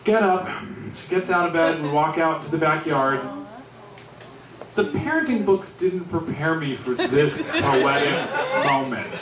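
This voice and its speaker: A man's voice: a little high, a little slow, a crowd in the background. A middle-aged man doing stand-up, telling a story in a wry, conversational way with frequent chuckles. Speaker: stand-up comedian. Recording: echoey, distant mic with noise.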